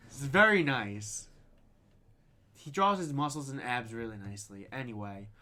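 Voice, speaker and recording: A man's voice: medium pitch, expressive, normal speed, sharp tone. A man co-hosting a podcast, chatting casually and rambling enthusiastically with frequent swearing. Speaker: podcast co-host. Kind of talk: casual chat.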